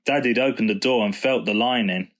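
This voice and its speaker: A man reads a children's storybook aloud in a calm, even voice. His narration is steady and clear, at a middling pitch. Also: a little fast. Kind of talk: storybook reading.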